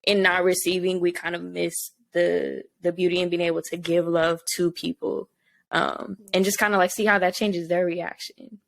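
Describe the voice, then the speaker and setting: Gravelly-voiced woman co-host, heartfelt. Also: lowish voice, flat delivery, moderate pace. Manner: heartfelt, emotional storytelling. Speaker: podcast co-host. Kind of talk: casual chat.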